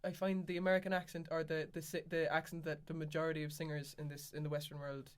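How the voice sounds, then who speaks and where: A woman's voice: low voice, level tone, fast. A woman from Galway with a Cork Irish accent, co-hosting a podcast in loose, rambling chat with frequent restarts and casual swearing. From Galway, Ireland. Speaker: podcast co-host.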